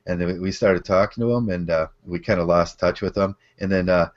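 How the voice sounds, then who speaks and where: Deep-voiced man telling crude stories. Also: steady tone, brisk. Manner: storytelling with laughs and crude language. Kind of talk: casual chat. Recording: dull lo-fi audio.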